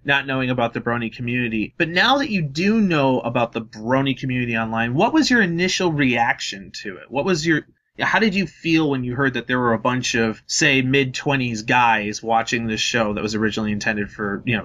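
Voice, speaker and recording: A man's voice: mid-range voice, a little fast, fairly bright tone, dull audio. A man hosting a podcast interview, asking long, rambling questions with a joking, chatty manner. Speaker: podcast host.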